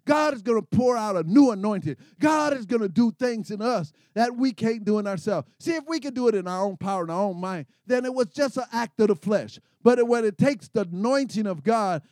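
High-voiced preacher, call-and-response. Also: male voice, animated, a little fast, few pauses, a little mellow, dry recording, studio quality. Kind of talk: sermon.

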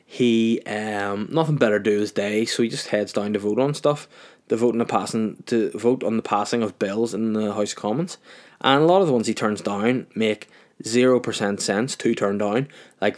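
A man's voice: on the low side, darkish tone. Young man, tipsy solo podcast host, cheeky and sweary, rambling chat. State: tipsy from a few wines.

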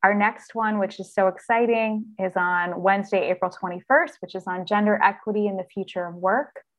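A woman who coaches executives, talking in an earnest, expressive way as a guest in a conversational interview. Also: mid-range voice, a little fast, muffled recording. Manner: earnest and expressive, acts out inner voices.

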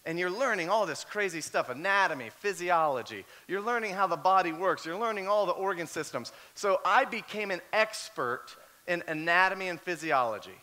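High, bright-voiced man preaching. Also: brisk. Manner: animated storyteller who often repeats words. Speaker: pastor. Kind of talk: sermon with personal stories.

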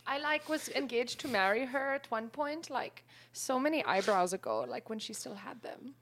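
Brief: woman podcast co-host, deadpan comic delivery, slightly high voice, rambling with "like.". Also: moderate pace, a little hiss or hum. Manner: deadpan, absurd jokes, lots of "like". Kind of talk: casual comedic chat.

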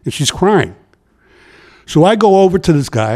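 A man's voice: fairly high pitch, brisk. A middle-aged man, a retired transit worker giving an interview and telling stories, acting out the quotes. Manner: animated storyteller who acts out quotes. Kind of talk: casual storytelling interview.

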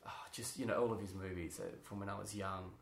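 A man, a drama teacher, chatting as an interview guest. He tells stories in an animated way, laughs often and restarts his sentences. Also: sits low, fast talker, creaky, a little hiss or hum. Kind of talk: casual interview chat. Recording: roomy echo.

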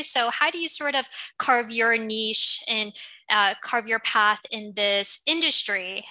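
A woman with a faint New York accent talks as a podcast guest, thoughtful and articulate. Her voice sits a bit high and sounds very bright and sharp. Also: poor audio. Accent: slight New York. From Brooklyn, USA. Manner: articulate, reflective explaining. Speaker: podcast guest, agency founder. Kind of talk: interview conversation.

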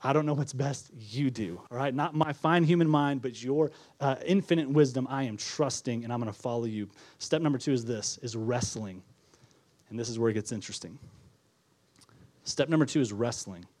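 A man's voice: medium pitch, fairly quick, darkish tone. A male pastor preaching a sermon to his congregation in an earnest manner, repeating key phrases and putting questions to the listeners. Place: church before a congregation.

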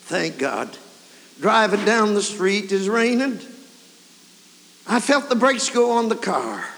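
A man preaching a revival sermon, telling a story and building to fervent shouts. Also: high voice, sing-song, slow pace. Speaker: evangelist preacher. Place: large camp meeting hall or tabernacle. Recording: 1990s camp meeting tape, hall reverb, faint hiss.

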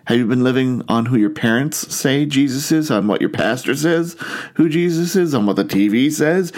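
A man's voice: mid-range voice, darkish tone. A man as pastor preaching an earnest sermon, often turning to rhetorical questions for his listeners.

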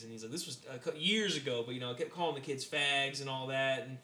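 A man's voice: medium pitch, fast talker, few pauses. A young man telling a rambling story in casual chat and acting out what people said. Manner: rambling, animated, acts out quotes. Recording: echoey room.

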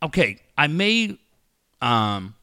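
A man with a high, bright voice that leaps around as he rants on a podcast. He swears freely and mimics other people mid-story. The delivery is casual and animated. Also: slow pace, clear, resonant tone, no echo, clean studio sound. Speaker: podcast host. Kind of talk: casual profane podcast chat.

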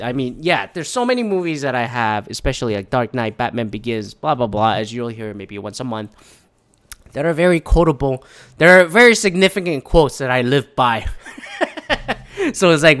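A man hosting a casual solo podcast, rambling and swearing freely as he talks through his thoughts. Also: mid-range voice. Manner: rambling, profane, animated, self-talking asides. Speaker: podcast host.

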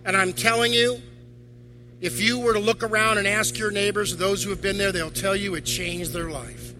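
A man's voice: sits high, fairly even intonation, normal speed, sharp tone, a little hiss or hum, poor audio. An older man, a deacon, preaching a sermon to a congregation, firing off rhetorical questions. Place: church.

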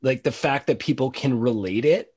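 A man's voice: medium pitch, moderate pace, a little mellow, breathy edge. A man in casual conversation who rambles, laughs often and fills his talk with "you know" and "like".

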